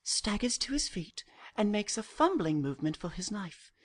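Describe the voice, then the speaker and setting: A woman narrator calmly reading the stage directions of a play, in a measured voice. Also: medium pitch.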